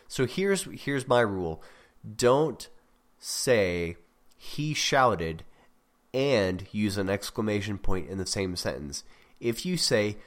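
Low-voiced man musing on writing rules. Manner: conversational, self-correcting with frequent fillers. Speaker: podcast host. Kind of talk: casual talk on writing craft.

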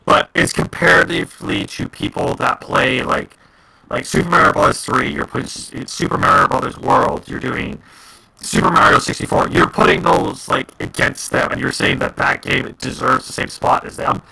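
A man's voice: medium pitch, big pitch swings, moderate pace, gravelly, pushed and bright, breathy edge, low-quality recording. A man co-hosting a casual gaming podcast, ranting heatedly and swearing a lot. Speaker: podcast co-host.

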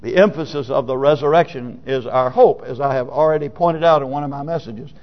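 Male pastor, sermon delivery, swings from soft to forceful, long church reverb. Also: medium pitch, a little fast. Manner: swings from hushed to loud emphatic preaching. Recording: lo-fi sermon recording in a reverberant hall.

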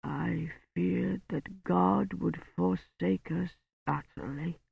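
A narrator voicing a dying, devout old male priest who murmurs slowly in a weak, slurred voice. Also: high voice, fairly even intonation, creaky, slightly rough, no echo, narrow, tinny audio, exaggerated voice. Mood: faint. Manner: faint slurred murmur, slow and solemn. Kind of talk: audiobook reading.

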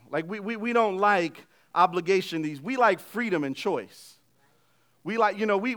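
A middle-aged man preaching a sermon as pastor, conversational, swinging from loud emphasis to quiet asides and acting out little everyday dialogues. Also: high-pitched.

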